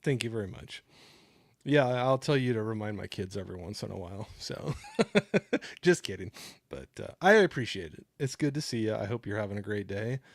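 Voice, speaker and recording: A man's voice: lowish voice, animated, moderate pace, dry recording. Easygoing man chatting on a dry close mic. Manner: easygoing, rambling, thanks viewers and reads chat aloud. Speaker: livestream host. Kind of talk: casual livestream chat. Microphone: new desktop microphone.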